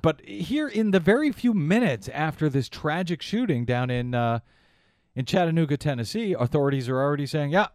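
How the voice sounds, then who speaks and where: A man's voice: mid-range voice, a little mellow, no echo, studio quality. A man hosting a political talk radio show, emphatic and indignant, often repeating his phrases.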